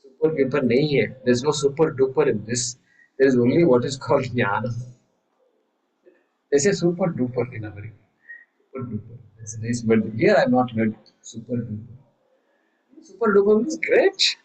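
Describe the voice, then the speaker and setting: A man teaching a scripture class, lively, asking rhetorical questions and acting out voices. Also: mid-range voice, normal speed, pauses often, rough recording. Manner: animated, acts out quoted voices, rhetorical questions. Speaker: Vedanta teacher. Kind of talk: class lecture.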